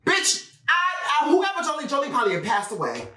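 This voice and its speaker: A man giving loud, sassy, profane reaction commentary on music. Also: very high-pitched, huge pitch swings, brisk, recorded from a distance. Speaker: pop culture commentator. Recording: echoey room, off-mic, faint music.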